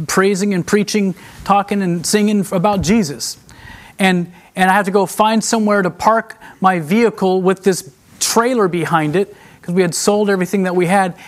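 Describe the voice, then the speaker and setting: A middle-aged traveling preacher with a fairly high-pitched voice delivers an emotional, confessional sermon. He swings between hushed and raised delivery and calls the congregation his friends.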